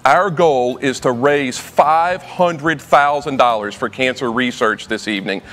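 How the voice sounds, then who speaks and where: A man's voice: mid-range voice, a little slow, fairly bright tone, big-room sound. A man working as auctioneer, making a rousing fundraising appeal in a studio and calling out donation levels.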